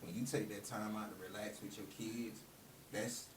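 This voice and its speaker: A man's voice: on the low side, steady tone, normal speed. A man interviewing a guest in a casual chat, asking loose, rambling questions. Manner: loose, rambling questions with "you know what I'm saying". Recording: roomy, distant mic, audible background noise.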